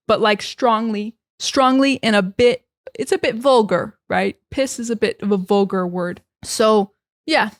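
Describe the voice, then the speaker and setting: A woman's voice: fairly high pitch, measured pace, dry recording, clean studio sound. Chatty American woman teaching English. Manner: chatty, many fillers and restarts. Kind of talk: casual podcast-style teaching.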